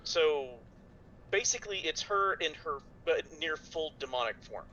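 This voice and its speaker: A man's voice: on the high side, lively intonation, measured pace, sharp tone, far from the mic. A man playing a tabletop game, chatting in a hesitant, rambling way. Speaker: player. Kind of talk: casual chat. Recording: muffled lo-fi mic from afar, hum.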